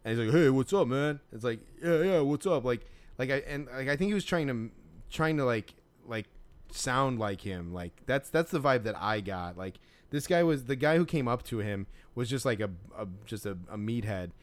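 A man's voice: mid-range voice, expressive, moderate pace. A man in casual chat, rambling with lots of fillers and restarts. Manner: rambling, filler-heavy, mimics others' voices.

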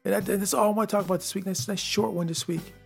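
A man's voice: high voice, fairly even intonation, rapid-fire, creaky, soft background music. A man hosting his own podcast, talking casually and rambling through an episode review with frequent restarts. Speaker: podcast host.

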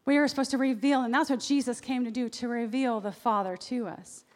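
A woman's voice: fairly high pitch, steady tone, fairly quick. A woman preacher giving a sermon in a conversational way, with personal asides. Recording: long reverb of a large hall.

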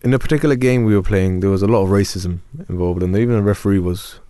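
Earnest young imam, dark and low. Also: male voice, fairly even intonation, quick pace, clear, resonant tone, no room sound. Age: young adult. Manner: earnest, retells scenes with quoted dialogue. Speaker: imam and youth worker. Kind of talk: panel discussion, storytelling.

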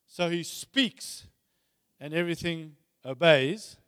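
His sermon moves at a slow pace, his fairly high, fairly bright voice clear and resonant with lively intonation. Retelling scripture casually and reading passages with rising force, he's captured in clean studio sound with long hall reverb.

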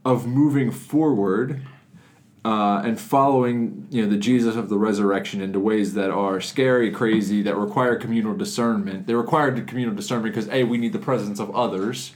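A man's voice: lowish voice, steady tone, fairly quick, a little mellow. A man co-hosting a casual podcast about faith, joking and then reflecting, often restarting his sentences. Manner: joking, reflective, self-interrupting. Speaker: podcast co-host.

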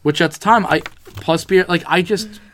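A man's voice: high voice, moderate pace, fairly bright tone, slight background noise. A young man telling a rambling, profane story in a casual chat among friends.

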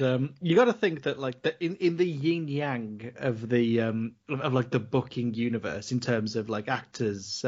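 A man's voice: medium pitch, muffled recording. A man co-hosting a casual film-review podcast, rambling, laughing often and swearing. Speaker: podcast co-host.

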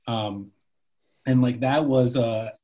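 A man's voice: medium pitch, steady tone, takes it slowly, mellow, rough recording. A man from Canada chatting casually as a podcast guest, loose and profane, full of "like" and "sort of.". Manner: loose, swears freely, lots of "like" and "sort of".

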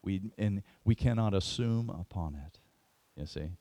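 A man preaching a sermon as a pastor, telling a story in an animated way. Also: deep voice, measured pace, no echo.

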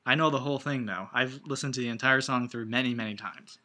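A man co-hosting a podcast in casual comedic chat, speaking in a dry, matter-of-fact deadpan. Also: mid-range voice, quick pace, heavy background noise. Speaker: podcast co-host.

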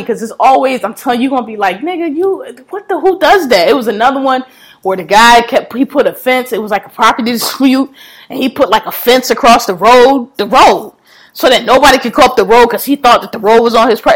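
A woman's voice: fairly high pitch, breathy edge. A woman in casual chat, retelling a story with laughter, slang and acted-out quotes.

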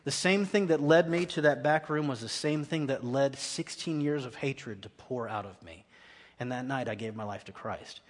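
A man preaching a guest sermon in a church, earnest and dropping to quiet intensity at key points. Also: medium pitch, moderate pace. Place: church sanctuary. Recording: long echoey hall reverb.

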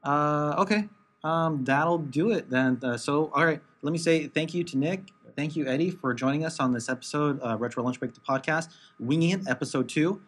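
A man's voice: on the high side, moderate pace, fairly bright tone. Hesitant man hosting a podcast. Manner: hesitant, many fillers, searches for words. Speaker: podcast host. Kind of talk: casual podcast chat.

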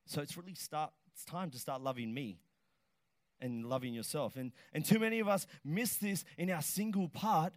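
A middle-aged man delivers a sermon in a high, lively voice. He jokes, then rises to shouted emphasis. The sound is close and dry, with no room around it. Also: moderate pace, no room sound. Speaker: pastor.

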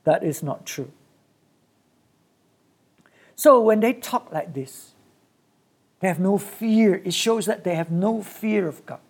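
Gravelly preacher delivering an emphatic sermon. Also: mid-range voice, animated, slow pace, long pauses. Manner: emphatic, repeats key phrases, speaks in short bursts.

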